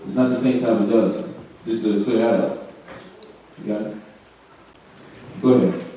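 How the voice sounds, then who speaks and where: Male study leader, loose rhetorical teaching, mellow, distant roomy muffled recording. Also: on the low side, level tone, normal speed, a little hiss or hum. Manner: conversational, repeats himself, asks rhetorical questions. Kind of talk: informal scripture teaching. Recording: echoey room, far from mic, muffled.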